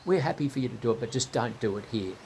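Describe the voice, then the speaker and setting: A man's voice: medium pitch, lively intonation, fast, vocal fry, a little mellow, a little hiss or hum. A man voicing a fussy, prim male church committee member who is hesitant and politely dismissive. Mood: prissy, dismissive.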